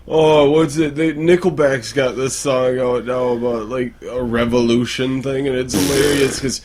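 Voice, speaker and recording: A man with an ordinary mid-range voice hosts a podcast, telling crude stories at an easy, relaxed pace. A faint background hum of room ambience sits under his voice. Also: mid-range voice, moderate pace. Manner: laid-back storyteller, laughs often. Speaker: podcast host. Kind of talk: crude casual chat.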